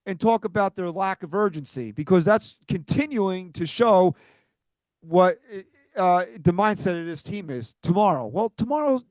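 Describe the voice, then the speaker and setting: Fan-show host, male, higher voice, heated rant, dry and close. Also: darkish tone, no echo. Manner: agitated, ranting, swears. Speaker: podcast host. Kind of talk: sports talk podcast.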